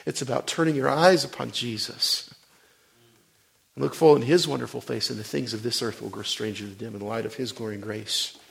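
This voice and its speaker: A man preaching a sermon as pastor. He moves from quiet storytelling to loud, fervent preaching, often breaking off and restarting a phrase. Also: medium pitch, fairly even intonation, a little fast, vocal fry.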